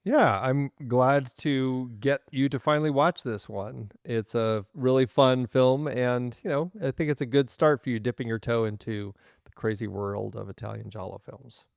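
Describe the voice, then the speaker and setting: A man co-hosting a film podcast in relaxed, amused casual chat. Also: mid-range voice, moderate pace, gravelly, few pauses, no room sound, clean studio sound. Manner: relaxed, amused, with filler words. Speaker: podcast co-host.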